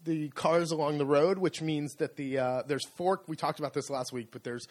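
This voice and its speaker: A man's voice: a little high, fairly even intonation, normal speed. A middle-aged man co-hosting a casual podcast chat, rambling with many fillers and restarts. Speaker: co-host. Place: rural home.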